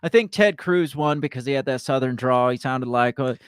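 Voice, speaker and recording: A man co-hosting a podcast from the Midwestern US, chatting casually about politics and reading news articles aloud in an animated way. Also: mid-range voice, brisk, smooth, no echo, studio quality. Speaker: podcast co-host.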